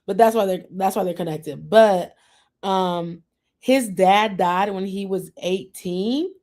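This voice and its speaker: A woman's voice: mid-range voice, slow pace, darkish tone. A woman hosting a casual TV recap chat, chatty and opinionated, often acting out what people on the show said. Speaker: host.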